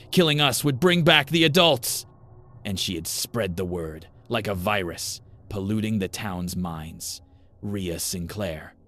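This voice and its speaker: A man giving grave, measured first-person narration of a scripted horror story. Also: low voice, fairly bright tone.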